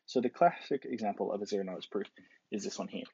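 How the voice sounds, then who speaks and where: A man lectures in a relaxed, explanatory way and playfully acts out the characters he quotes. His voice is husky with a gravelly edge. The recording is dull and lo-fi, with a dry sound. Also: lowish voice, quick pace, no echo.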